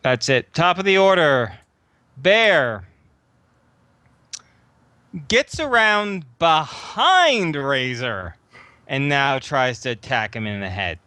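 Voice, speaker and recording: A man running a tabletop role-playing session as game master, his voice smooth and resonant with a lively, animated pitch. He thinks aloud as he talks, pausing on fillers, and the sound is close and dry. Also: dry recording.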